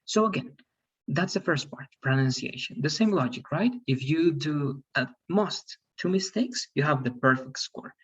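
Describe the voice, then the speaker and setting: A man's voice: a little high, normal speed, husky, lo-fi sound. A man teaching an English class online, explaining rules and often checking with "all right?".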